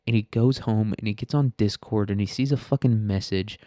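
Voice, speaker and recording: A man's voice: lowish voice, a little fast, mellow, no echo, studio quality. A man hosting casual current-events commentary, talking in a crude, blunt, sarcastic way. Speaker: podcast host.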